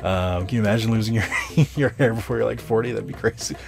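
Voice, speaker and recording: A man's voice: lowish voice, fairly quick, gravelly. A young man telling a casual work story, rambling with many fillers, profane and sarcastic asides.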